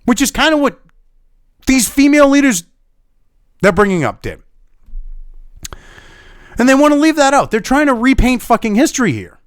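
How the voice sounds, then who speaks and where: A man's voice: extremely high pitch, sing-song, moderate pace, long pauses, clear, resonant tone, no room sound, clean studio sound. A man delivering angry, profane and sarcastic political commentary as a vlogger.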